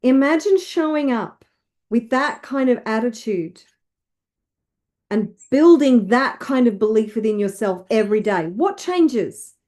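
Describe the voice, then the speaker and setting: A woman coach with a slightly high voice delivers motivational coaching. She speaks slowly and emphatically, repeating affirmations for listeners to say after her. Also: lively intonation, darkish tone. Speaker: wealth coach.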